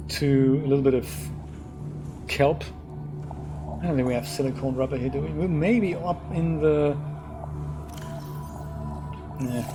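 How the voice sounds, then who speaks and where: A man hosting a live game stream, thinking out loud about what to craft and chatting back to his viewers as he plays. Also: a little high. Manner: chatty, thinks aloud and answers viewer chat. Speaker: let's play host. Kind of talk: casual live gameplay commentary. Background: game music.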